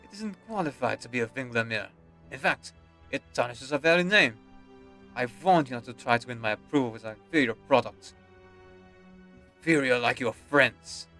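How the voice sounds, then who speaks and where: A man's voice: mid-range voice, lively intonation, normal speed, pushed and bright, soft background music. A man reading a scornful old nobleman father. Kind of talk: reading game dialogue aloud.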